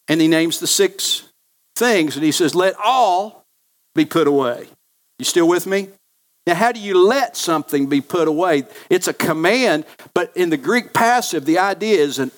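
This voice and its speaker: A male pastor preaching a sermon, earnest and repeating key phrases for emphasis. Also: fairly high pitch.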